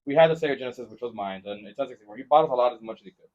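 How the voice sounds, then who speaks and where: A man hosting a podcast in casual chat, mixing English and as he tells animated stories. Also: mid-range voice, very fast. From Mexico-Texas border region. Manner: switches between English and Spanish, animated storytelling. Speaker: podcast host. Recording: lo-fi podcast recording.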